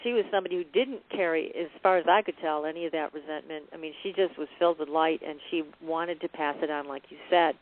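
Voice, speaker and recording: A woman co-host chats with her guest, affirming and following up. Her voice is on the low side. The sound is thin and tinny, like a phone call. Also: fast, hardly any pauses, a little hiss or hum. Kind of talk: conversational interview. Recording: tinny phone-line audio.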